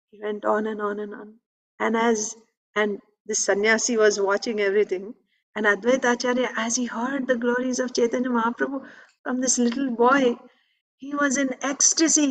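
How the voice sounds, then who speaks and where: A woman with a fairly high voice teaches a scripture class by retelling a devotional story. She talks conversationally, checks in with "right?" and laughs softly now and then. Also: fairly even intonation, normal speed. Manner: conversational, with frequent "right?" asides and soft laughs.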